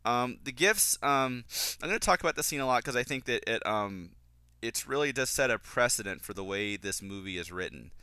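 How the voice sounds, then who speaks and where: A man giving casual fan commentary on a film, opinionated and quick to get exasperated. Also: medium pitch, animated, pushed and bright, clean tone, dry recording. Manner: opinionated, flares into exasperated ranting.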